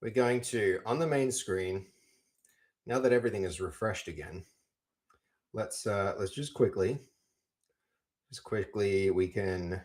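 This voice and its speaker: A man's voice: fairly low pitch, a little slow, pauses often, darkish tone. A young man live-streaming, chatting casually to his viewers while working on code, rambling with many restarts. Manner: rambling, talks to chat, lots of restarts.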